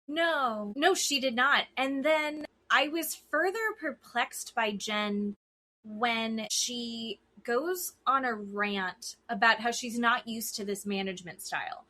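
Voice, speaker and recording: A woman's voice: fairly high pitch, slow, pushed and bright. A woman co-hosting a podcast, chatting casually and bluntly about a reality show, swearing freely. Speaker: podcast co-host. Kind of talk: casual chat recapping reality TV.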